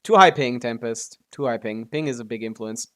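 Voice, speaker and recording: A man's voice: mid-range voice, normal speed, smooth. A male streamer chatting casually while playing and guessing, mumbling, correcting himself, and swearing now and then. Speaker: game streamer.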